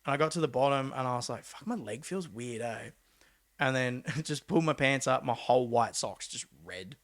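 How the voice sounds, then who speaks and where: A man's voice: mid-range voice, normal speed. Young Australian man telling a wild story. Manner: animated, acts out quotes, laid-back slang and swearing. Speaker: podcast guest, pro mountain bike rider. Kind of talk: casual storytelling.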